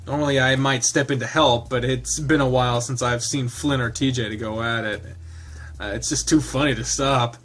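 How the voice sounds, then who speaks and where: Man narrating a visual novel playthrough, casual, rambling asides, medium pitch. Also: fairly even intonation, moderate pace, fairly bright tone. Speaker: game streamer. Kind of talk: reading a visual novel aloud with commentary.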